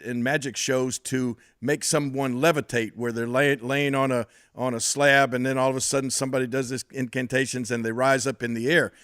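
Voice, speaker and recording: An older man with a Memphis Southern accent who hosts a podcast and tells stories in an animated way, chuckling often. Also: medium pitch, no room sound, clean studio sound. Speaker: podcast host. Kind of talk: casual chat and storytelling.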